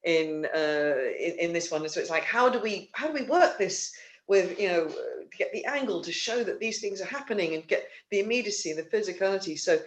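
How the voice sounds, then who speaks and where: A man's voice: high voice, a bit bright. A man hosting an online theatre livestream, chatty and rambling, with many fillers and restarts, talking over a video call. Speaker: theatre company host. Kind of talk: casual livestream announcements.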